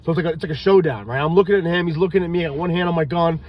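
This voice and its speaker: A man's voice: on the high side, rapid-fire, highs cut off. A tired man tells rambling, profane stories in a casual vlog, talking outdoors near a street. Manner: rambling, animated, swears freely. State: tired and loopy. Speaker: reptile breeder and police officer telling stories.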